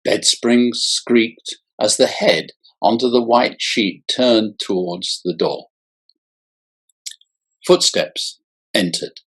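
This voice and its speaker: A male author reading his own novel aloud in a slow, measured way. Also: mid-range voice, husky.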